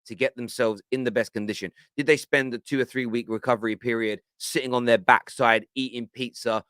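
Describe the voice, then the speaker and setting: A man hosting a football fan channel, giving animated, exasperated reaction commentary on radio clips. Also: medium pitch, a little fast, clear, resonant tone, no echo. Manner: animated, exasperated, laughs often.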